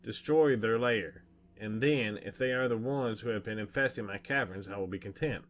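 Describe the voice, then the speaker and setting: A man voicing an ancient, furious male dragon who is demanding and impatient, speaking in a stern, rumbling, commanding way. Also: normal speed, natural voice. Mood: stern, angry.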